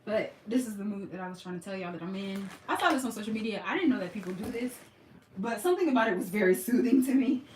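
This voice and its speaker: A woman vlogging casually from her bed, chatty and expressive, moving between loud projected talk and a soft, calm low voice. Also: fast, reverberant, far from the mic, slight background noise, poor audio. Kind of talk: casual chat to followers.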